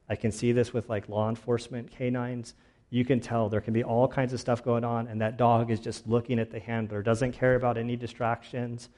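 A man preaching a casual, conversational sermon, relaxed and chatty, often saying "like" and restarting phrases. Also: medium pitch, fairly quick. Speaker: pastor.

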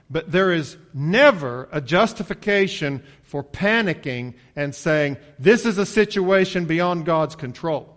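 A man preaching a sermon in a conversational way, asking rhetorical questions and swinging loud when acting out frightened voices. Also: a little high. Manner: rises sharply and loud when voicing panicked disciples, drops soft at line ends.

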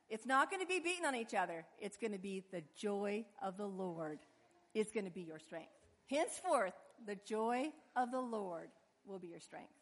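A woman with a fairly high voice preaches a sermon, lively and expressive. She acts out the people in her story as she goes. Her voice carries a long hall reverb. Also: normal speed.

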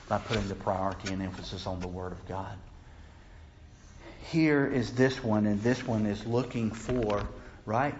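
A man preaching a sermon with an earnest, searching delivery that swells into impassioned pleading over scripture. His voice sits at an ordinary middle pitch. The recording is a little dull and lo-fi, with faint room ambience behind him. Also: slight background noise.

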